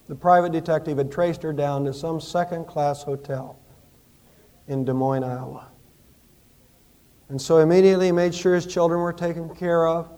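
A man preaching a Christmas sermon in a church, with impassioned rises and hushed storytelling. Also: on the high side. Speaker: pastor.

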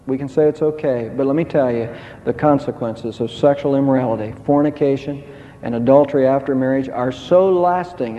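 A pastor with a medium-pitched voice preaches a little fast, stressing his points as his voice rises on key phrases. He is in a church sanctuary, and the dull-sounding recording carries long hall reverb plus slight background noise.

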